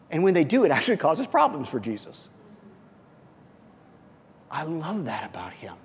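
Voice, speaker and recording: A man preaching a sermon, emphatic, swinging from loud exclamations to soft, quiet asides. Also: high voice, big pitch swings, a little slow, long pauses, slightly rough, in a large hall. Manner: emphatic, rising loud then dropping soft. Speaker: pastor.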